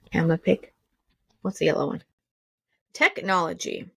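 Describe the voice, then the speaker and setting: A woman's voice: fairly low pitch, fairly even intonation, normal speed, gravelly, breathy edge, dry recording. A woman co-hosting a podcast in casual chat, talking loosely with lots of fillers and laughing easily. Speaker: podcast co-host.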